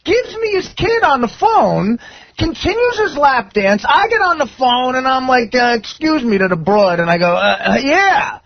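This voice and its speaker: A man's voice: very high-pitched, sing-song, moderate pace, no room sound. A man telling a rambling, laughing anecdote on a talk radio show, acting out the people in it. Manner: rambling, laughing anecdote teller with quoted voices. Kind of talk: casual storytelling on talk radio. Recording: dull lo-fi radio broadcast.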